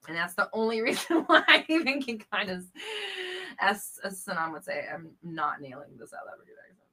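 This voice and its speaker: A woman's voice: lowish voice, animated, a little fast, bright, forceful tone. A woman hosting a casual live-stream chat, reading out viewer comments, chatty and playful with frequent laughter. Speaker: host and coach.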